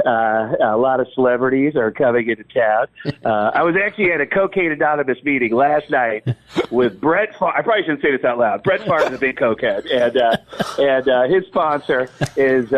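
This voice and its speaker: A man's voice: medium pitch, lo-fi sound, lightly acted. A man voicing a middle-aged male TV personality who halts over fillers and blurts things out.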